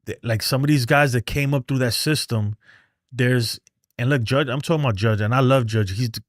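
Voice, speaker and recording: A man's voice: medium pitch, normal speed, no echo, clean studio sound. Exasperated, profane male fan-show host. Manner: exasperated, profane, repeats himself. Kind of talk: heated fan rant on a livestream.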